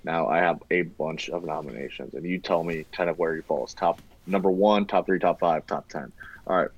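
Male podcast host, very deep voice, laid-back and jokey. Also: moderate pace, slightly rough, muffled recording. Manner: laid-back, joking, swears. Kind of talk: casual chat.

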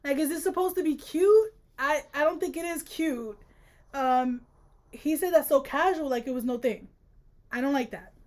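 A young woman with a high-pitched voice co-hosts a casual podcast about books. She's animated and sarcastic, laughing often, and speaks at a moderate pace.

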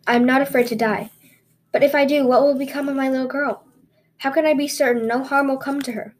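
Woman voicing a gentle dying mother. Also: high voice, steady tone, fairly quick, a little hiss or hum, close to an everyday voice, poor audio. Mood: prayerful. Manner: soft, tender, weak.

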